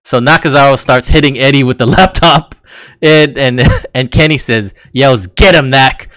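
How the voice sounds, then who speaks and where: A man co-hosting a laid-back wrestling recap, rambling through the action and laughing as he goes. His voice sits at a middle pitch and sounds close and dry, with no room around it. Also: normal speed, a bit bright, no echo. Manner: rambling, laughs while recounting. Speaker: podcast co-host. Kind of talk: casual wrestling recap chat.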